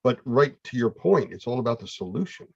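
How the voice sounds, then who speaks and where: A man's voice: mid-range voice, big pitch swings, brisk, gravelly, slightly rough, no echo. A man hosting a casual online chat, talking in a conversational, explanatory way. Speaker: host. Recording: dull, dry lo-fi sound.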